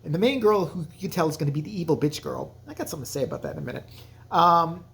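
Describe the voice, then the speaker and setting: A man's voice: on the high side, animated, racing, vocal fry. A man hosting a casual movie review vlog, crude, rambling and jokey, acting out scenes in voices. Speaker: channel host, movie reviewer.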